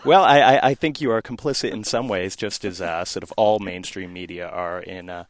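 Low-voiced reporter, relaxed radio guest. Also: male voice, moderate pace, no echo, studio quality. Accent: faint Boston, mostly neutral American. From South Boston, USA. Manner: relaxed and conversational, with frequent fillers. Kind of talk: radio interview.

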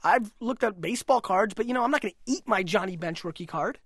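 A man talking as a wine expert guest in a studio interview, energetic, brash and joking. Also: high-pitched, fast talker, slight background noise. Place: broadcast studio.

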